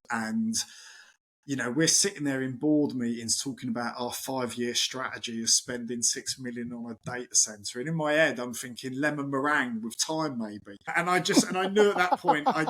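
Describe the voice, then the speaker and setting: Chatting casually as a podcast guest, a middle-aged chef with a medium-pitched voice tells lively stories, acting out the quotes and restarting himself many times.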